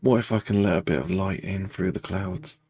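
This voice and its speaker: A man leading a guided tapping meditation, speaking slow, repetitive first-person affirmations. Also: low-pitched, fairly even intonation, darkish tone, breathy edge, no echo.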